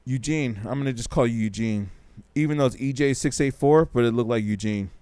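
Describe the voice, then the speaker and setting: A man's voice: medium pitch, brisk, mellow, clean tone, no echo. A man hosting a casual live-stream talk show, reading chat comments aloud, loose and joking, with slang and lots of repeats.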